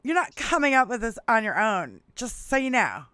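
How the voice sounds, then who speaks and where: A brash woman co-host with a fairly high voice, talking in blunt, mocking rants full of swearing. The sound is dry and close, with no room around her. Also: very animated, moderate pace, sharp tone, no echo. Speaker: podcast co-host. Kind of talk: casual profane chat.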